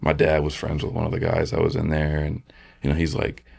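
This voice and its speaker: A man, a podcast guest, sharing a personal testimony in a halting, soft-spoken way with many fillers and restarts. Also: very deep voice, monotone, creaky, husky. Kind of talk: personal testimony in casual conversation.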